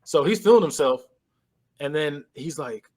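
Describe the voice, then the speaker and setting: A man with a fairly high-pitched voice, speaking at a moderate pace, casually recaps a movie on a podcast. His storytelling is animated, and he acts out the characters' lines while laughing.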